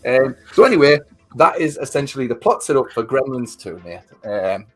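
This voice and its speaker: A man's voice: mid-range voice, big pitch swings, moderate pace, fairly bright tone, husky. A man co-hosting a livestream, recapping a movie plot in a rambling, sweary way. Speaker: livestream co-host. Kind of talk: casual movie chat.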